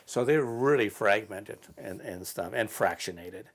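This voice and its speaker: A man in an interview, telling stories in a casual, halting way with many fillers. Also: lowish voice. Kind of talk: casual storytelling.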